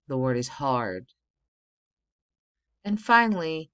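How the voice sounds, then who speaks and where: Slow, low-voiced woman teacher. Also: lively intonation. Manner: patient, explains step by step, many okays. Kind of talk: recorded spelling and grammar lesson for children.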